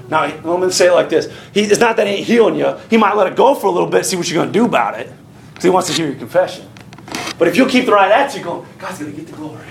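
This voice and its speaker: In an echoey church, a man with a high, gravelly voice preaches a sermon fast, folksy and animated, while the congregation calls out amens. He keeps slipping into little acted-out voices to drive home his points, and there's a little hiss or hum.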